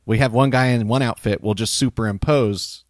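A man's voice: mid-range voice, fairly even intonation, moderate pace, no echo, clean studio sound. A man co-hosting a casual podcast, thinking aloud hesitantly about a film. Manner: thoughtful, hesitant, lots of fillers. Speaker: podcast co-host.

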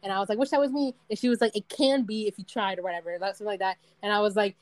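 A woman's voice: medium pitch, steady tone, very fast, a little mellow, no room sound, rough recording. Laughing, rambling young woman. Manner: rambling, laughs often, lots of "like". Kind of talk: casual chat.

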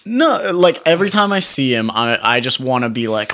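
A man's voice: a little high, lively intonation, moderate pace, a bit bright. A man co-hosting a podcast in casual chat, rambling with restarts, laughing often and swearing. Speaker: podcast co-host.

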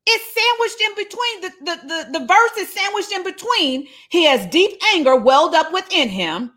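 Animated woman preaching a casual sermon. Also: very high voice, normal speed. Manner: animated, playful retelling with voiced asides.

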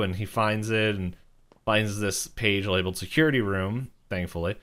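A man's voice: on the low side, fairly even intonation, normal speed, fairly bright tone, clean tone. A young man co-hosting a podcast, recapping a cartoon episode in a loose, rambling way, filling with "like" and acting out characters' lines. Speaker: podcast co-host.

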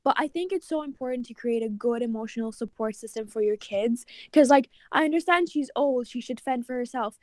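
A woman's voice: a little high, fairly quick, few pauses, no room sound. A woman in her twenties, co-hosting a podcast in casual chat, talking emphatically and with empathy. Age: 20s. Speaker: podcast co-host.

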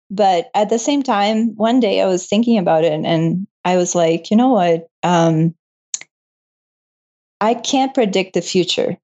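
A young woman talks with a guest's openness, her telling emotional and full of quick laughter. The sound is a little dull and lo-fi, like a modest home setup. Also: medium pitch. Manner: laughs often, emotional and animated. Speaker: interview guest, medical student. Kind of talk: casual interview storytelling.

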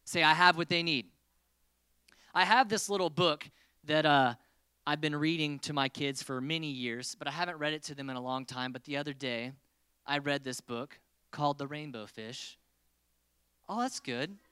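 A man's voice: fairly high pitch, normal speed, sharp tone, clear, resonant tone, no echo, clean studio sound. A man in his thirties preaching a casual, joking sermon to a congregation. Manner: playful, joking with the crowd.

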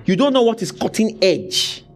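Pastor preaching, higher-pitched man. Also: very animated, normal speed. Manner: exhorting, call-and-response with the congregation; repeats phrases for emphasis. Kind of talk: sermon.

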